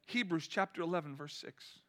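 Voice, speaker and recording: A male pastor preaching to his congregation, with a high voice. His tone is bright and forceful, chatty one moment and loudly impassioned the next, and he keeps asking the room questions. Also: a little fast. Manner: conversational, rising to impassioned cries. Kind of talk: sermon. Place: church.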